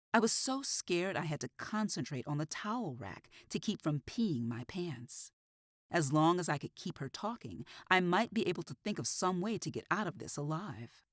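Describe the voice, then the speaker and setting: A woman narrating an audiobook in first person, with a husky voice and measured storytelling. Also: low-pitched, no echo, clean studio sound.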